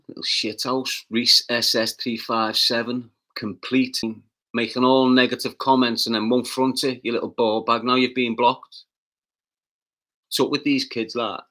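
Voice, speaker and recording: A man with a Liverpool accent hosting a casual livestream, reading out chat comments with brash, sweary, rapid-fire banter and loud taunting outbursts. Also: medium pitch. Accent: Liverpool (Scouse). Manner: bursts into loud taunting rants.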